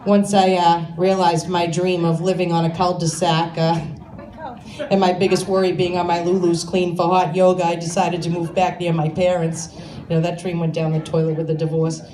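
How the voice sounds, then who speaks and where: A woman's voice: fairly low pitch, little pitch movement, moderate pace. A woman from Massachusetts doing a stand-up comedy set, brash and self-mocking, rambling with lots of "you know" asides. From Scituate, Massachusetts, USA. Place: comedy venue stage with a live audience. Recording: echoey room, distant mic, loud crowd laughter.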